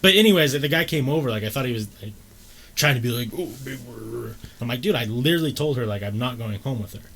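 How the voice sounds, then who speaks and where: A man co-hosting a podcast rambles through a story in loose, casual chat, peppering it with fillers and chuckles. His pitch sits mid-range, and a faint noise hums behind him. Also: lively intonation, quick pace, fairly bright tone, poor audio. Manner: rambling storyteller, lots of "like" and laughter. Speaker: podcast co-host.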